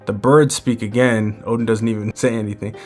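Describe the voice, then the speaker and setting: A man hosting a manga chapter breakdown, retelling the story in a relaxed, conversational way. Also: fairly low pitch, brisk, faint music behind. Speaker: manga chapter recap host. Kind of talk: casual comic chapter breakdown.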